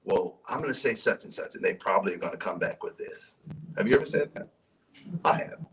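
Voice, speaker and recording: A man's voice: sits low, lively intonation, fairly quick, fairly bright tone, recorded from a distance, rough recording. A man preaching a sermon in a church, talking conversationally, repeating and restarting his words, and asking the congregation questions. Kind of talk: sermon with scripture reading.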